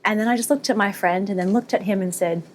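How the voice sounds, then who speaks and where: This podcast co-host, a woman in her thirties, tells an animated, casual story quickly and laughs a lot. Her voice is mid-range, with slight background noise in the recording.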